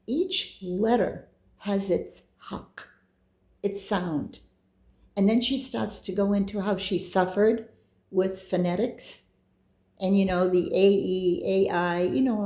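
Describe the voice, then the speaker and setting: A woman's voice: mid-range voice, mellow, reverberant. A middle-aged woman telling a personal story in a chatty, meandering way, with asides and quoted dialogue. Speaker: storyteller recounting her own experiences.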